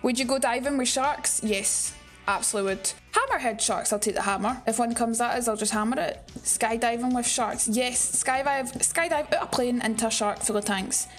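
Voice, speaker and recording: Young woman, high voice, excitable, swears, shrieky streamer chat. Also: moderate pace, soft background music. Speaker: livestreamer. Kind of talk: casual livestream chat.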